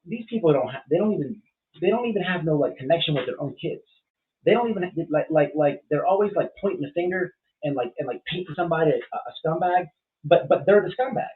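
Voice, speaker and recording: Over thin, phone-like audio, a livestream host reacts to chat in a fairly high, animated voice at a quick pace. He rambles bluntly with profanity, stumbling through fillers and restarts.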